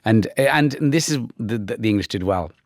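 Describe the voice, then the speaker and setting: A man's voice: fairly low pitch, lively intonation, brisk, no room sound, studio quality. A Welsh man in his forties talking through an interview in a thoughtful, conversational way, often restarting sentences. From Wales. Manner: thoughtful, with frequent restarts and mimicked voices. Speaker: actor, interview guest.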